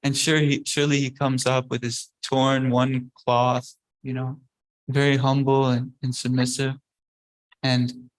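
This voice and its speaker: Male religious teacher, conversational storyteller, halting delivery, mid-pitched voice. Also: poor audio. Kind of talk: scripture class storytelling.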